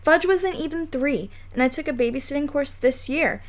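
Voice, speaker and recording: A woman's voice: sits high, moderate pace, voice pushed up, close to an everyday voice. A woman voicing a bossy, self-assured preteen girl, talking confidently and persuasively.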